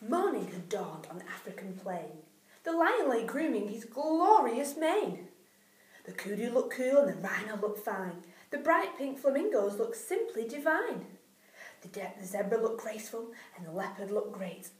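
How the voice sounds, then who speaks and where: A woman, a primary school teacher reading a rhyming picture book aloud to young children in an expressive, sing-song way. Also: on the high side, moderate pace. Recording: echoey room, voice far from mic.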